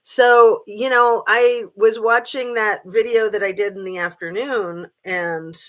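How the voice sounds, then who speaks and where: A woman's voice: medium pitch, steady tone, a little slow. Chatty woman hosting a morning livestream. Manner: chatty, greets commenters by name, rambling asides. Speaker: true crime livestream host. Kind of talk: casual live chat to viewers. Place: room at home.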